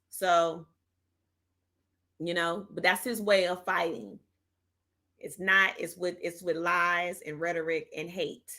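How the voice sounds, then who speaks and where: Here the livestream host speaks at a fairly low pitch and a measured pace, her creaky, sharp-toned voice broken by long pauses. She answers her viewers' chat about politics with blunt, sassy slang like "honey," "child," and "okay?"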